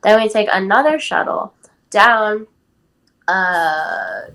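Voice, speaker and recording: A woman's voice: medium pitch, expressive, takes it slowly, creaky, a bit bright, rough recording. Give me an eighteen-year-old woman from California, chatting as a podcast guest with plenty of "like" and "um". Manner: chatty, many "like" and "um" fillers. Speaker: guest athlete. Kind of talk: casual interview storytelling.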